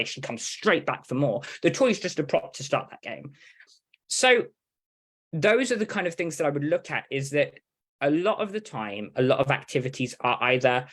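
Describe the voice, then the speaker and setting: A man's voice: mid-range voice, fairly bright tone. A man with an English accent, a dog trainer talking casually as an interview guest and acting out little voices for dogs and owners. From England.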